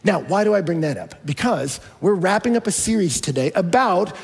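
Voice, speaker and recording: Gravelly, high-pitched man preaching. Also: animated, a little fast, big-room sound. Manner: storytelling, conversational with humor. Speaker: pastor. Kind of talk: sermon.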